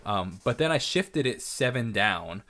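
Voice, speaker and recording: A man, a music producer, giving an excitable, casual breakdown of his track, often correcting himself mid-sentence. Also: medium pitch, measured pace. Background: faint music from his session playback.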